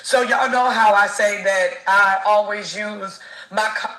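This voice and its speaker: A woman's voice: mid-range voice, steady tone, measured pace, pushed and bright. A woman speaking frankly in a personal confession, heard in a played clip. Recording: echoey room.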